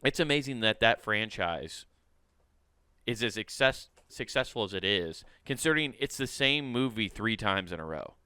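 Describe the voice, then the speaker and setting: A man's voice: fairly low pitch, lively intonation, moderate pace, sharp tone, smooth, no room sound. A man co-hosting a comedy podcast, rambling through casual banter and laughing often at his own jokes. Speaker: podcast co-host.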